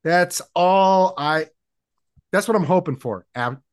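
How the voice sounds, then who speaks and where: A man co-hosting a casual podcast, making wry deadpan quips. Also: sits high, slow. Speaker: podcast co-host. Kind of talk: casual chat.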